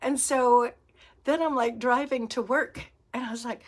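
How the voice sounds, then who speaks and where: A middle-aged woman with a slightly high voice hosts her own podcast, talking casually and spinning personal stories. She laughs often and acts out the voices of people in her stories. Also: steady tone, unhurried. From Florida, US. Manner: laughs often, storytelling with acted-out quotes. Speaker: podcast host. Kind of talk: casual monologue.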